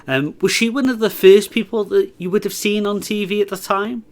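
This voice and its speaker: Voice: mid-range voice, steady tone, fairly quick. A podcast host in a casual interview, asking friendly questions with many ums.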